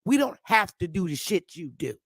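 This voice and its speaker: A woman's voice: on the low side, big pitch swings, moderate pace, a bit bright, breathy edge, no room sound. Blunt, profane woman ranting on a livestream. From United States. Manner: greets viewers by name. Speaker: YouTube livestream host. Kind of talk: heated livestream rant.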